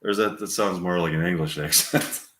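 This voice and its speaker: A man casually reading voice-acting practice scenes, musing offhand between them and trailing off quietly. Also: deep voice, fairly quick, slight background noise. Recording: roomy echo.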